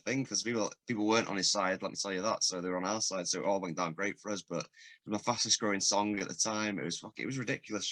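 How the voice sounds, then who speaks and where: A man's voice: on the low side, fairly bright tone. A man, a rapper and producer, talking as a guest on a casual podcast, rambling through stories with lots of swearing and laughter. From England. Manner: swears a lot, laughs often, rambling storyteller.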